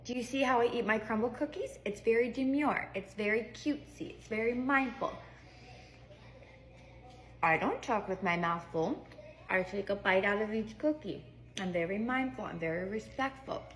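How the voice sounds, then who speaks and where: A woman's voice: mid-range voice, moderate pace, a bit bright. Prim, mock-polite woman. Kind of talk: comedic trend skit.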